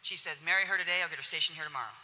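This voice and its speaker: A woman's voice: low voice, rapid-fire, pushed and bright. A woman speaking frankly and directly on a panel at a symposium, in a conversational tone. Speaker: senior enlisted leader on a panel. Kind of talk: candid panel talk at a symposium. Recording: echoey hall.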